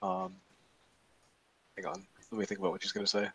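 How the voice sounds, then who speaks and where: A man's voice: on the high side, very animated, fairly quick, gravelly, sharp tone, slightly rough, poor audio. A man playing a tabletop role-playing game, narrating his character's actions casually with many fillers. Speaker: tabletop player.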